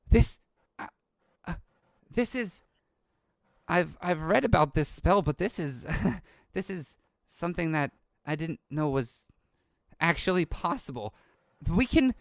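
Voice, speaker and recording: A man's voice: on the high side, dry recording, voice pushed up. A man voicing a nervous, bookish young boy wizard who stammers eagerly in a tabletop game. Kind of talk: tabletop game role-play.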